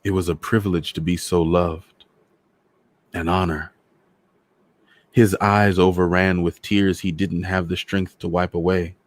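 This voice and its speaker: A man hosting a storytime show, reading a novel aloud in a measured, dramatic way. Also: deep voice, flat delivery. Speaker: storyteller host.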